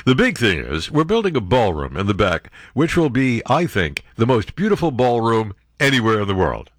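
A man's voice: mid-range voice, a little slow, creaky, no echo. A man hosting a talk radio show, reading news items aloud and mocking them with sarcastic, incredulous asides. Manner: sarcastic, animated commentary with mock-incredulous outbursts.

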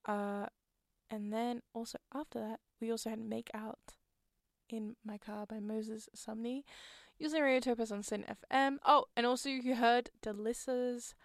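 A woman's voice: a little high, steady tone, moderate pace, no echo, studio quality. A young woman hosting a radio show, rambling chattily between tracks and often trailing off and restarting. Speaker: radio host. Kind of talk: casual radio presenting. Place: radio studio.

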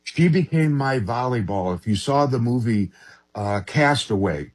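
Husky man telling a personal story. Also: mid-range voice, lively intonation. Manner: earnest, halting, with frequent restarts. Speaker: interview guest.

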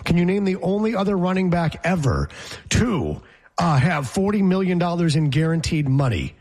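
Husky-voiced opinionated sports talk man. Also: high-pitched, big pitch swings, moderate pace, a little mellow. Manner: opinionated, quizzes his co-host. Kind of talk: casual sports radio chat.

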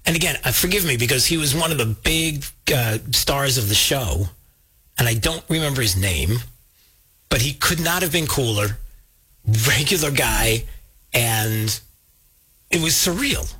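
A man hosting a talk show, telling a story casually and jumping high in pitch when he quotes people. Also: lively intonation, unhurried, bright, forceful tone, slightly rough. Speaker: show host.

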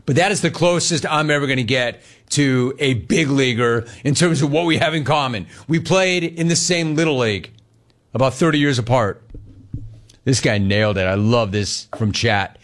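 A man's voice: mid-range voice, normal speed. A man in his forties from Los Angeles hosting a sports talk show, telling rambling stories and reading live chat. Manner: animated, rambling storytelling, repeats phrases.

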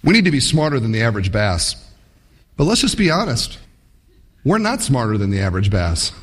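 A man preaching a sermon in an animated, folksy, playful way. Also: medium pitch, fairly quick, husky. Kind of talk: sermon with storytelling. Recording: long hall reverb.

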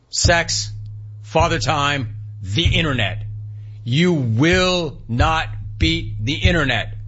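Emphatic husky-voiced male radio host. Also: a little high, bright, forceful tone. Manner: emphatic, punchy, repeats lines for effect. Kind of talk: talk radio monologue. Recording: muffled broadcast audio with faint music.

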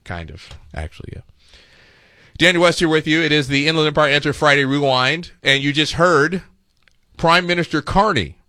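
A man hosting a talk radio show, mocking the clips he plays with quick sarcastic asides. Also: a little high, expressive, bright, forceful tone, dry recording, studio quality.

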